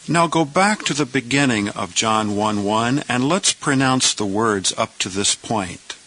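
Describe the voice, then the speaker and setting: A man teaching pronunciation in a slow, patient lesson, saying each word deliberately and repeating it for the listener. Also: lowish voice, bright, forceful tone, low-quality recording. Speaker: Greek teacher.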